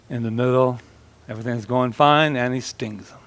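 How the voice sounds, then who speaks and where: A man's voice: mid-range voice, steady tone, normal speed. A male minister giving a conversational sermon, telling stories with a humorous, self-deprecating manner.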